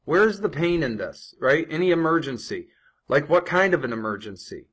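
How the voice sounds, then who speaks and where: A man's voice: fairly high pitch, lively intonation, normal speed, a bit bright, slightly rough. A young adult man coaching viewers on ad copy in a casual, conversational way, often tacking on "right?" and restarting sentences. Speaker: online marketing coach. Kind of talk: casual screen-share tutorial.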